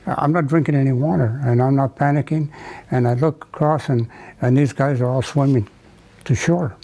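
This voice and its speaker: An older man from the United States, telling a wartime memory in an oral history interview, halting with many fillers and restarts. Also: medium pitch, steady tone, warm tone, rough recording. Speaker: veteran interviewee.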